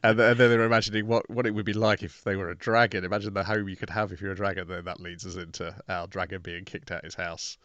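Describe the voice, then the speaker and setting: A man's voice: low voice, level tone, quick pace, few pauses, fairly bright tone, no echo, highs cut off. A man co-hosting a casual podcast, recapping an episode steadily and agreeing often. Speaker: podcast co-host. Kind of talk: casual chat.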